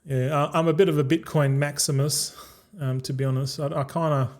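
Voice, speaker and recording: A man's voice: a little high, steady tone, fairly quick. A young man streaming a game, rambling and ranting casually with lots of swearing. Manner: rambling, profane, fired-up ranting.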